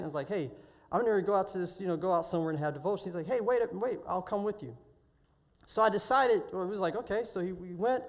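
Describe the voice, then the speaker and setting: A man preaching a week-of-prayer sermon, telling a personal testimony in an animated storytelling way that swells loud when excited. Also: high-pitched. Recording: long hall reverb.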